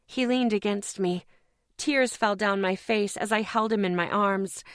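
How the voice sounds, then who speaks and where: A woman narrates a paranormal audiobook in the first person, reading in a measured, intense, emotional way. Her voice is medium-pitched, recorded on a close studio mic with no room sound.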